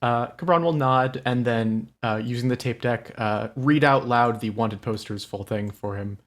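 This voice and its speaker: Man player, rambling narration, filler words, mid pitch. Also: moderate pace. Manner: rambling, many fillers, narrates his character's moves. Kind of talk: casual tabletop game chat.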